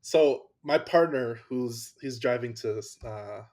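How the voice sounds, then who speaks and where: A man's voice: mid-range voice, takes it slowly, a little mellow. A man hosting a podcast in casual conversation, enthusiastic and often repeating words as he talks. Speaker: podcast host. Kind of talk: casual interview talk.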